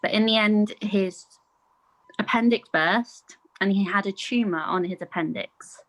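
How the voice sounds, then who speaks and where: On a podcast, a middle-aged woman guest chats casually, telling personal stories and acting out what other people said, with laughs along the way. Her mid-range voice is unhurried, and the recording quality is low.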